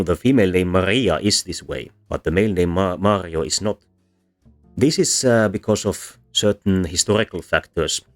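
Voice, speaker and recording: A man with a very deep voice talks through a lesson, stopping often to correct himself and fill gaps with ums. Faint music plays quietly under his explanation. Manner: hesitant, many ums and self-corrections. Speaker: language teacher. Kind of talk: explanatory lecture while drawing.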